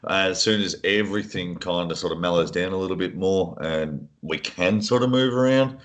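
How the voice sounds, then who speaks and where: Low-voiced drummer who laughs a lot. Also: male voice, normal speed. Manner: laughs often, hedging filler words. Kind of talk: casual interview.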